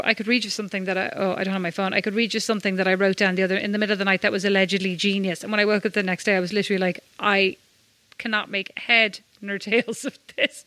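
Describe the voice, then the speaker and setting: Bright-voiced woman, rambling chat. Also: medium pitch, no echo. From Ireland. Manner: rambling, self-mocking, laughs often. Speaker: podcast co-host. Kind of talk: casual chat.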